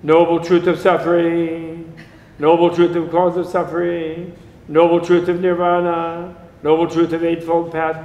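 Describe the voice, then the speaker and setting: A man's voice: fairly high pitch, completely flat delivery, measured pace, mellow, reverberant, long reverb tail, lo-fi sound. A man chanting as a jewel duck reciting teachings. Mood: solemn.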